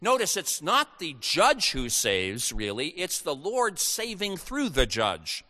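A man's voice: fairly high pitch, wildly swooping pitch, slow, hardly any pauses, sharp tone, big-room sound. A man preaching a sermon, teaching through scripture with emphatic rising stresses. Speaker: pastor.

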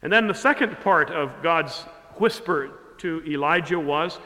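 Slow, bright-voiced man preaching in a hall. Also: fairly high pitch. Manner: slow, deliberate preaching with wide swings from loud to hushed. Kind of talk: sermon.

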